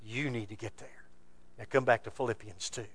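A man preaching a sermon, moving between loud, emphatic bursts and low, quiet passages. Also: a little fast, husky.

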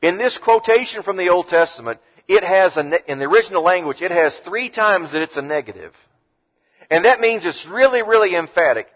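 A man's voice: sits high, animated. Emphatic preacher man in a reverberant hall. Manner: emphatic preaching, slows to read verses. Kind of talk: sermon. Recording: dull lo-fi sound with long hall reverb.

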